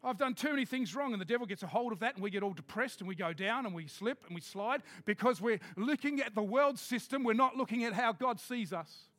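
A man preaching a sermon, emphatic, switching between quick asides and slow, loud declarations. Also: high voice, no echo.

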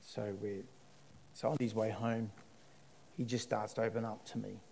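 A man's voice: lowish voice, little pitch movement, normal speed, creaky, darkish tone, a little hiss or hum. An Australian man, a church leader, telling a personal story as a testimony, his voice rising and dropping as he goes.

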